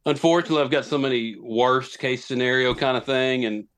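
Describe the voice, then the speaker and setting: A man's voice: medium pitch, fairly even intonation, brisk, a bit bright. Guy in his thirties, chatty podcast guest, rambles and laughs at himself. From Tennessee. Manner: rambling, self-deprecating, many restarts. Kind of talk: casual storytelling.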